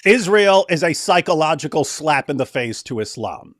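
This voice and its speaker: A man co-hosting a livestream, talking casually and mockingly, sometimes putting on shrill whining voices. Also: animated, moderate pace, a bit bright, dry recording, studio quality. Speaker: livestream co-host.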